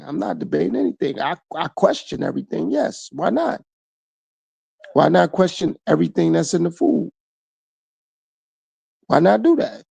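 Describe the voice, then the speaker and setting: A man's voice: on the high side, lively intonation, normal speed, vocal fry, pauses often, mellow, slightly rough, dry recording. A man hosting his own podcast, talking through a reflective solo monologue full of repeated phrases and rhetorical questions. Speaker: podcast host.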